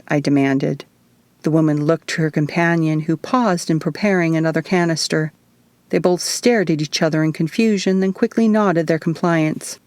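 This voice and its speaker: Low-voiced woman reading an audiobook. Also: darkish tone, no echo. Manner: measured first-person storytelling. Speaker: author reading her own novel. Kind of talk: audiobook narration.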